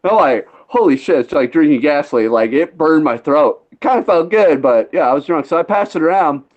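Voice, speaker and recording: A man's voice: a little high, animated, a little fast, muffled recording. A man telling a long story in casual chat, laid-back and rambling, swearing freely. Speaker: podcast host.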